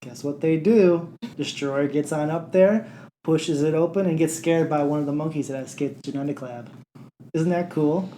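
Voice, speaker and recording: Woman, podcast host, low voice, chatty, sarcastic movie recap. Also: warm tone, slight background noise.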